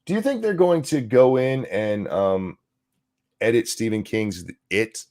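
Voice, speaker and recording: A man's voice: on the low side, a little slow, darkish tone. A man co-hosting a casual comedy podcast, reading headlines aloud and mocking them sarcastically. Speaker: podcast co-host.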